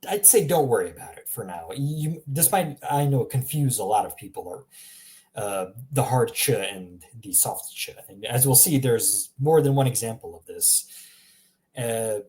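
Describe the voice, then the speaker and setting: A man giving a casual spoken language lesson, explaining sounds with self-aware humor and repeating them slowly to demonstrate. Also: mid-range voice, expressive, warm tone. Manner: chatty, self-aware explaining with little laughs. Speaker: language teacher.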